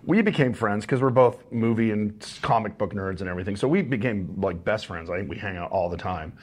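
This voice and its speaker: A man's voice: fairly low pitch, fairly quick. A sleep-deprived man telling rambling anecdotes with frequent chuckles as a guest in a casual interview. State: tired, short on sleep.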